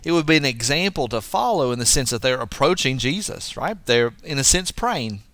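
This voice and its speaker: A man teaches scripture with earnest energy, acting out the quoted lines with a rising voice. His pitch sits in a middling register. The sound is dry and close, with no room echo. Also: expressive, a little fast, fairly bright tone. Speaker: preacher. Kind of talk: devotional Bible teaching.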